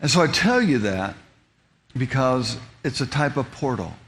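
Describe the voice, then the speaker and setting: A man's voice: medium pitch, big pitch swings, a little slow, fairly bright tone. A man telling a personal testimony as a story, with many restarts and repeated words, lingering on vivid details. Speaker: speaker giving a personal testimony.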